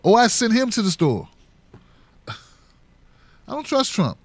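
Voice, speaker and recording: High-voiced man riffing casually. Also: sing-song, slow, slightly rough, dry recording. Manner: loose, joking, acts out other people's voices. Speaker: political commentary host. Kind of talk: casual solo commentary.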